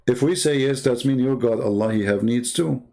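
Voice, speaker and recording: A man's voice: medium pitch, normal speed, warm tone. A man arguing in a debate, firing mocking rhetorical questions in English with non-native grammar. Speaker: Christian debater. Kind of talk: argumentative debate talk.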